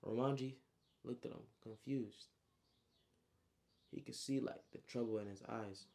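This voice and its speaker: A man's voice: medium pitch, steady tone, a little slow, vocal fry, mellow. A young man casually recapping his own story in heavy slang, adding spoken sound effects as he goes.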